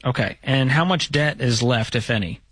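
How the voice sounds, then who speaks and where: A male host of a call-in advice show speaks with a calm, steady manner. He asks probing questions and lays out advice at a mid pitch. His voice is recorded close and dry in a studio. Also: normal speed, slightly rough, no echo, poor audio.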